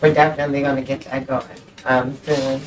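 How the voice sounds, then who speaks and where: An upbeat talk show host running a playful round of questions, teasing her guest and giggling between lines. The voice sits at a mid pitch and sounds a little distant from the mic, with faint noise under it. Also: little pitch movement, a little fast. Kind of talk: casual interview chat.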